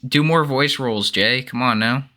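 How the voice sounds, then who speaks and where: A man co-hosting a casual podcast chat, crisp bright voice, quick to laugh and swear, animated delivery. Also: medium pitch. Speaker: podcast co-host.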